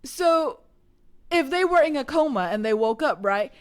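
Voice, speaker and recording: High-voiced young woman co-host. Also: lively intonation, normal speed. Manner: hesitant, restarts while searching for words. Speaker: podcast co-host. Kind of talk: casual chat.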